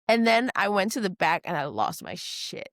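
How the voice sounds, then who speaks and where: A woman from New Orleans tells stories in an animated way, swearing freely and acting out what others said. Her voice sits at a middle pitch and is recorded close and dry, with no room sound. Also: normal speed, no room sound. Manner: animated storytelling, acts out quotes, swears freely. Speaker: guest chef. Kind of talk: casual podcast chat.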